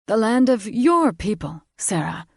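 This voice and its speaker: A woman's voice: mid-range voice, big pitch swings, measured pace, creaky, a little mellow, dry recording, clean studio sound, pitched above the performer's own voice, exaggerated voice. A woman narrator voicing a haughty, condescending male fae lord in an audiobook. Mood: mocking. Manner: condescending, faintly mocking. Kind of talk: audiobook character voice.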